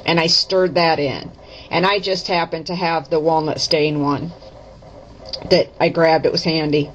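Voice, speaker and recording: A woman's voice: on the low side, a little hiss or hum. Chatty woman demoing crafts, lo-fi audio. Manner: chatty, self-correcting, folksy. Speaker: craft vlogger. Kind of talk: casual craft demo to camera. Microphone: camera mic. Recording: dull lo-fi camera audio.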